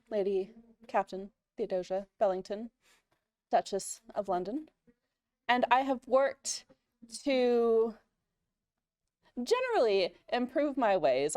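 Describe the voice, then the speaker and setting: A woman's voice: on the high side, darkish tone, no echo, clean studio sound. A woman player improvising a tall tale in character at a live game panel, playful and rambling with fillers.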